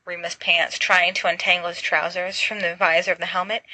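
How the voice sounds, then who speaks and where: Bright-toned woman reading a story aloud. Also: on the low side, a little fast, no room sound, rough recording. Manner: lively, puts on voices for each character. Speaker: reader. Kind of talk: audiobook narration.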